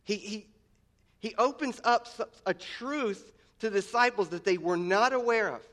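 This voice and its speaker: A man with a high, light voice delivers a sermon. He leans on repetition and lifts his voice to stress key phrases, often restarting his words mid-thought. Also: normal speed, a bit bright. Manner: emphatic, repeats words, voice rises on key lines. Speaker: pastor.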